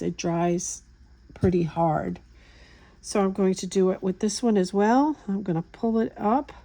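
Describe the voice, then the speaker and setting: Craft tutorial host, woman, unhurried chatty step-by-step delivery, mellow tone. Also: mid-range voice. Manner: relaxed, chatty step-by-step explaining. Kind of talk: hands-on craft demonstration.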